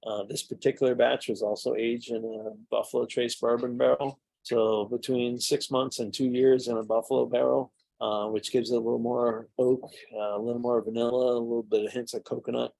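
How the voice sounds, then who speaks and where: A man's voice: medium pitch, level tone, brisk, vocal fry, few pauses, a little mellow. A middle-aged man, a mead maker, telling rambling anecdotes in a casual way at a tasting. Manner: rambling anecdotes with fillers and restarts. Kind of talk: casual storytelling during a tasting.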